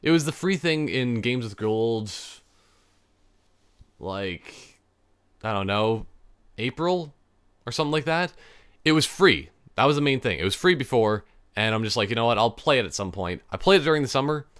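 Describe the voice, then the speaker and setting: A man's voice: medium pitch, expressive, moderate pace, long pauses, a bit bright, smooth, no echo. A young man chatting casually on his own podcast, rambling and interrupting himself, now and then laughing at his own jokes. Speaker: podcast host. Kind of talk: casual solo podcast chat.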